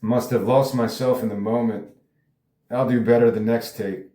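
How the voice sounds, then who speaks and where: A man's voice: medium pitch, steady tone, moderate pace, dark tone, close to an everyday voice. A man reading the part of a friendly male actor who posed as a gangster, talking in a pleading, easygoing way. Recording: roomy echo.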